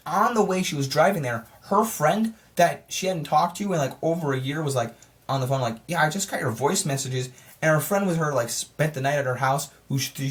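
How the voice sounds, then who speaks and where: A man giving a casual spoiler review of a horror film, talking in an excitable, rambling way and often correcting himself mid-sentence. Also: on the high side.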